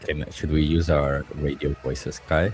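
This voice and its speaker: A man's voice: very deep voice, flat delivery, normal speed, a little mellow. A man from Romania co-hosting a casual livestream chat, joking and teasing, sometimes stumbling over his words. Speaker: co-host.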